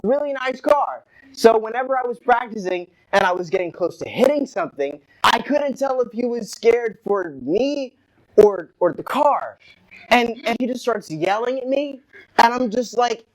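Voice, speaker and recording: Animated young male stand-up comic. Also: sits high, low-quality recording. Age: young adult. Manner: animated storytelling, bursts into shouting in quoted rants. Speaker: student stand-up comedian. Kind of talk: stand-up comedy set.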